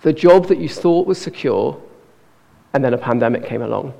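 Gravelly preacher in an echoing hall. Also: male voice, mid-range voice, animated, warm tone. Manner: earnest, slows down to stress key words. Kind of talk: sermon.

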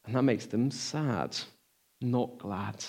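Earnest male preacher, hushed to emphatic. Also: medium pitch, takes it slowly, vocal fry. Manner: swings from emphatic to hushed, near-whispered lines; earnest, rhetorical questions. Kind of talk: sermon.

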